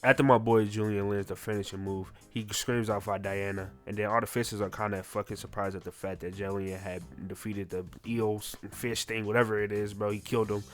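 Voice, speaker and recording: Young dude recapping a comic chapter, low voice, slangy and hyped, cusses a lot, quiet music in the back. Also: male voice, a little fast, hardly any pauses. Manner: slangy, excitable, swears freely. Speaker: manga reviewer.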